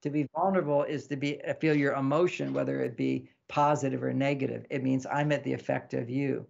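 A man with a mid-range voice and vocal fry talks a little fast on a muffled recording. He's an author guest in an interview, animatedly explaining ideas like a teacher, acting out snippets of dialogue and repeating lists.

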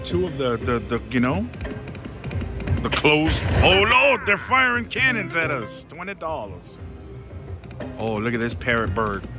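A man playing slots on a casino floor, giving excitable running commentary and calling out to his viewers and his mom. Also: a little high. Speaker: casino slot vlogger. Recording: casino floor with loud music. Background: slot machine music.

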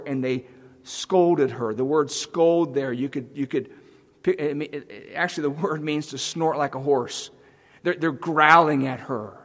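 A pastor preaching a sermon in an earnest, emphatic way. His voice sits on the high side for a man, and his words ring out with a long reverb through the sanctuary. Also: a little slow. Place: church sanctuary.

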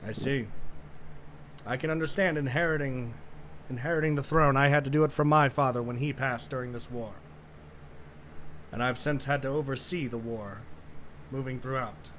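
A man's voice: medium pitch, moderate pace, long pauses, a bit bright, slight background noise, natural voice. A man voicing a thirteen-year-old boy king who speaks formally and regally in a tabletop game. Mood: measured. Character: young boy king, thirteen, proud and commanding.

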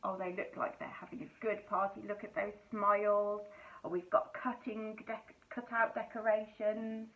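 A woman teacher reading a picture book aloud to children, animated and asking them questions. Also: medium pitch, moderate pace. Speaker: primary school teacher. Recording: tinny phone-like sound.

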